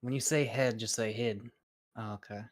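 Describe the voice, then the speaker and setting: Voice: medium pitch, fairly even intonation, moderate pace. Streamer swearing and joking, casual. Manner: swears and laughs at itself. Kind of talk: casual chat while reading a game.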